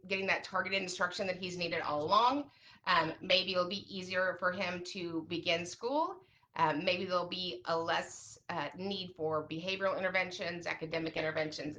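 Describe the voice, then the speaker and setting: A woman's voice: lowish voice, a little hiss or hum. A woman who advises families on special education, talking straight to camera in a chatty way and acting out little quoted asides. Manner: chatty, lively, acts out parents and kids in quick asides. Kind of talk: direct-to-camera advice talk.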